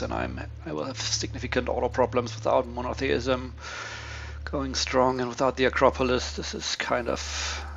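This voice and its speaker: A man giving casual, low-key commentary on his turn in a strategy game, thinking aloud with many pauses and ums. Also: gravelly. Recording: dull lo-fi mic with faint hiss.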